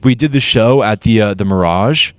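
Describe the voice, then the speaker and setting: A man's voice: fairly low pitch, moderate pace, no echo. A man, a guest comedian, telling casual comic stories with lots of swearing and acted-out quotes. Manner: animated, profane, acts out quotes.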